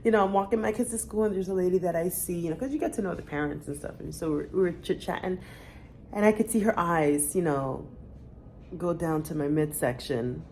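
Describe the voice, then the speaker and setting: A woman's voice: on the low side, brisk, a little mellow, slight background noise. A woman in her thirties, chatting candidly to the camera for her vlog, with lots of fillers. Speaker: vlogger. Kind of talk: casual chat to camera.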